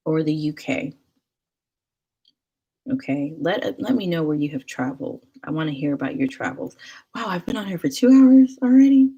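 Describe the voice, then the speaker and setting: A young woman chats casually with viewers on a livestream, her voice low and husky. She is talkative and loose, dropping into whispers for asides. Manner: chatty, animated, laughs and whispers asides. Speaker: livestream host. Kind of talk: casual live chat reading comments.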